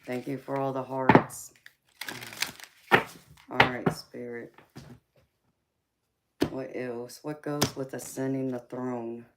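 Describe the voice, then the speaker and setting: A woman with a Southern drawl hosts a laid-back live tarot stream and greets viewers as she pulls cards. Her voice sits very low, and she speaks slowly and easily. Loud background noise runs under everything. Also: level tone. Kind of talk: casual live-stream chat and card reading.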